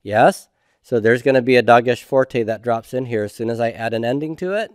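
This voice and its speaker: A man's voice: mid-range voice, darkish tone, no echo, clean studio sound. A man teaching a homework review lecture, patiently asking questions and answering them himself. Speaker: Hebrew instructor.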